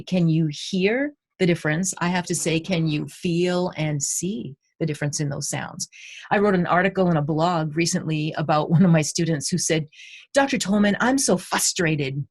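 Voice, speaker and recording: A woman's voice: fairly low pitch, slightly rough. A woman literacy educator giving a recorded conference presentation, explaining and guiding listeners through speech-sound exercises.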